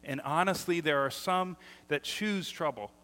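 Middle-aged guy preaching, stumbles over his starts, slightly high voice, big church reverb. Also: a little slow. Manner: animated storytelling, repeats words when starting sentences. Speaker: pastor. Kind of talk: sermon. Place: church sanctuary. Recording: long hall reverb.

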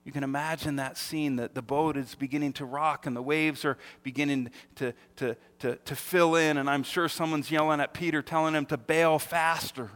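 A man's voice: a little high, steady tone, moderate pace, hardly any pauses, a bit bright. A man preaching a sermon as pastor, with emphatic rhetorical questions and acted-out quotes. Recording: reverberant hall.

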